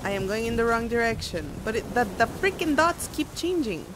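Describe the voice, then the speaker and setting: A woman's voice: a little high, very animated, brisk, noisy background. A woman streaming a game, chatting with viewers and squealing when enemies attack. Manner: chatty, giggly, reading chat aloud; bursts into squeals and shouts at enemies. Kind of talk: casual gameplay commentary. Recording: music playing behind.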